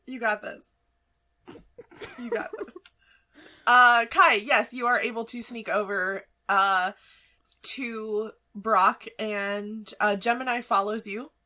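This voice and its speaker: A woman narrating as game master for a tabletop game, chatty and quick to laugh. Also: fairly high pitch, steady tone, sharp tone. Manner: laughs often, chatty with fillers.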